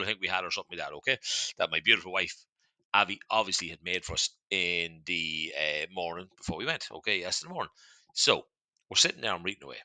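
Bright-voiced Irish podcast host. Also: male voice, sits low, no echo, rough recording. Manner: chatty, swears freely, keeps addressing listeners. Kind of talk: casual chat.

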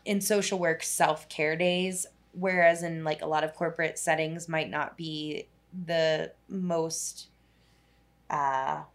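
Chatty young woman with a lowish voice. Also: fairly even intonation, slow. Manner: rambling storytelling, heavy use of "like", casual swearing. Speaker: social worker telling a story. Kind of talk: casual podcast chat.

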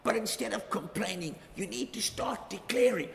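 A man's voice: high-pitched, normal speed, gravelly, fairly bright tone, slight background noise. A middle-aged man preaching a sermon as pastor, emphatic, repeating key phrases with rising force. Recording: reverberant hall, faint ambience.

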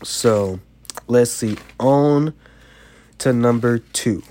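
A man's voice: medium pitch, very slow, warm tone. A young man who is sick and coughing, hosting a podcast and giving casual life advice in a rambling way, full of "you know" fillers. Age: young adult. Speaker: podcast host.

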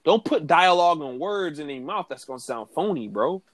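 A man co-hosting a casual wrestling podcast, talking in animated slang and laughing often. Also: fairly high pitch, moderate pace, no room sound. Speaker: podcast co-host.

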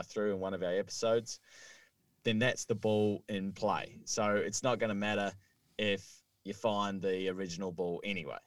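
A man's voice: on the low side, no echo, far from the mic. A man co-hosting a casual golf podcast, explaining rules step by step with many fillers. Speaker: podcast co-host. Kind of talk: casual chat. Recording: dry, a little off-mic.

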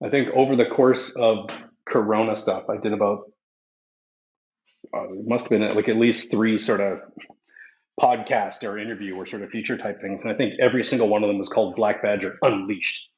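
A man's voice: fairly low pitch, fairly even intonation, normal speed, a little mellow. A man co-hosting a podcast in casual chat, joking sarcastically and swearing freely. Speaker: podcast co-host. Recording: roomy, slightly dull recording.

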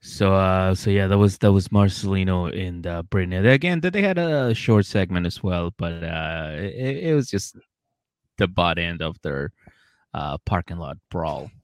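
A young man co-hosting a podcast, playful and chatty as he wraps up a segment. His pitch moves a lot, and the sound is dry and close with no room echo. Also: animated. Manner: laughing, playful, drawn-out asides. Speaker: podcast co-host. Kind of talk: casual comedic recap.

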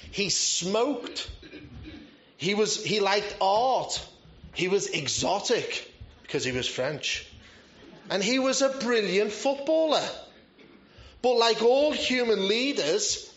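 A man's voice: high-pitched, a bit bright. A man preaching a sermon in a conversational way, with self-deprecating humor. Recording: roomy, slightly dull church recording.

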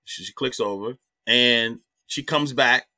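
A middle-aged man, a comedian guest, telling a personal story in animated, profane casual talk. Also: medium pitch, measured pace.

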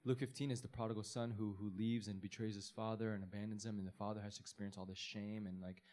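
A man's voice: lowish voice, little pitch movement, quick pace, a little mellow. A man, a pastor, giving an informal, earnest sermon in a conversational way, often restarting his sentences.

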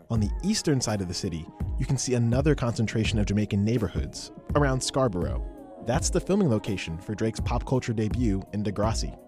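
A man reading scripted documentary narration in a measured, explanatory way. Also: on the low side. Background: music bed.

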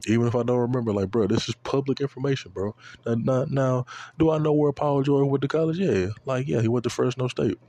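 A man in his twenties talking casually about basketball, profane and rambling, often adding "you know what I'm saying" and breaking into high-pitched outbursts. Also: fast, mellow. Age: 20s. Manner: bursts into high-pitched exclamations. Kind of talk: casual sports rant.

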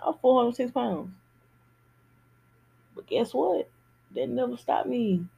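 A woman's voice: a little high, expressive, slow pace, creaky, mellow, husky, muffled recording. A woman hosting a podcast, talking candidly in a casual personal monologue and repeating phrases for emphasis. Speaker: podcast host.

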